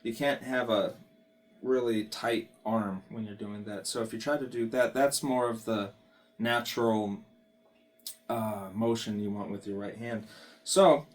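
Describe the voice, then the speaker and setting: A man giving a casual guitar lesson, explaining strumming in a relaxed way and counting beats aloud. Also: lowish voice, a little slow. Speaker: guitar teacher. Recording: guitar playing behind the voice.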